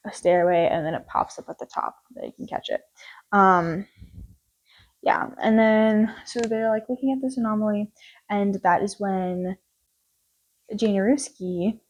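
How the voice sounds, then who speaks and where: A woman's voice: medium pitch, a little mellow, rough recording. A young woman casually recapping a film plot, rambling and joking with lots of filler words. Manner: rambling, jokey, full of "like" and "um". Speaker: film reviewer.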